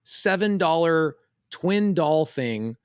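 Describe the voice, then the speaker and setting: A man, telling a lively story on a podcast and acting out the voices. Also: a little high, slow, clean tone, dry recording, studio quality. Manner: animated, quotes voices in a story. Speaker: podcast co-host. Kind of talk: casual storytelling chat.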